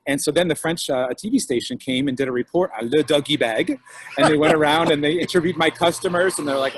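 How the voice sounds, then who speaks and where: Husky man telling animated stories. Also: on the high side, quick pace. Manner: animated storyteller, acts out customers' voices. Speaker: guest author and diner owner. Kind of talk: casual video call chat. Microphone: video call.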